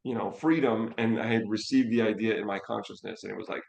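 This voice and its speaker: A man's voice: on the low side, quick pace, gravelly, hardly any pauses, echoey room, lo-fi sound. A man in a casual chat telling personal stories with energy, acting out his own reactions as he goes. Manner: animated storyteller, acts out his own reactions. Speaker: financial educator and co-host.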